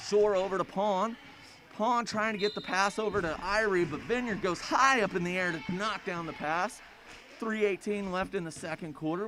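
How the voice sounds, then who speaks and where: A man's voice: high-pitched, a bit bright. A man calling a school basketball game play by play in a folksy, chatty way, talking straight to the fans from a school gym. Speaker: play-by-play announcer. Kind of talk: live basketball commentary.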